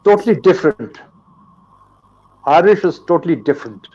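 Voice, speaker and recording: An older man from Pakistan teaching English in a live online session, in a deliberate, lecturing way. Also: fairly high pitch, expressive, darkish tone, husky, lo-fi sound. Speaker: guest teacher.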